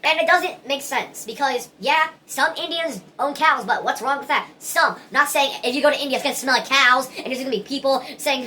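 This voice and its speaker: A woman's voice: high voice, a little fast, few pauses, pushed and bright, slight background noise. A woman talking straight to camera in a casual opinion vlog, earnest and rambling, restarting her sentences often. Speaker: vlogger.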